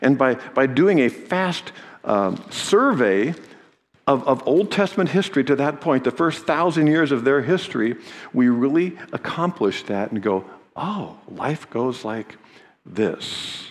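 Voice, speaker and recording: A man's voice: medium pitch, animated, normal speed, big-room sound. A man preaching a sermon in an earnest teaching manner, his voice rising in volume on key phrases.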